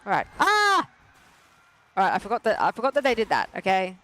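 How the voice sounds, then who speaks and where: A therapist streaming a video game, talking to themselves and to chat in frantic, joking bursts with sudden yelps and mock-calm reassurances. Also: mid-range voice, racing. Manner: self-mocking, joking calm under pressure. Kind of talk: live gameplay commentary with chat.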